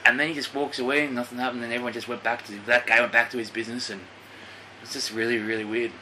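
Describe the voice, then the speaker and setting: A man's voice: medium pitch, flat delivery, fast talker, background noise. A man hosting a casual podcast, telling stories in a laid-back way and swearing freely. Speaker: podcast host.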